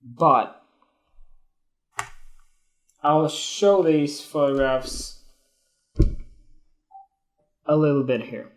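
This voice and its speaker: A young man talks off the cuff to a live stream audience, rambling from one thought to the next. He is blunt and curses freely, and his voice sits slightly higher than most men's. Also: very slow, pauses often. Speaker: photography podcast host. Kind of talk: casual solo talk on a live stream.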